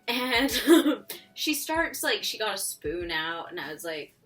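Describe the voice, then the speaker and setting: A woman's voice: medium pitch, very animated, slow, a bit bright, recorded from a distance, faint music behind. A woman vlogger telling a story in a casual, chatty way, laughing often and filling her talk with "like". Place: home near a busy road.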